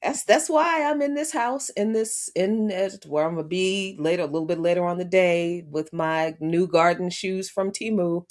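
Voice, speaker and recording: A woman's voice: fairly low pitch, normal speed, hardly any pauses, darkish tone. A woman co-hosting a morning talk show, chuckling and restarting her sentences as she chats. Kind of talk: casual radio banter.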